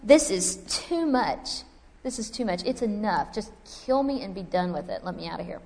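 A woman's voice: lowish voice, expressive, fairly quick, creaky, darkish tone. A woman voicing an exhausted male prophet who pleads wearily that he has had enough, in a reverberant hall. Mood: despairing.

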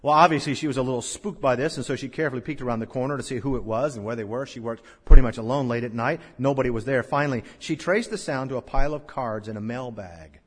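A male pastor preaching a sermon, swelling to loud, drawn-out scripture recitations and dropping to hushed lows. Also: slightly rough. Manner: slow, drawn-out recitation of King James verses. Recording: long church-hall reverb.

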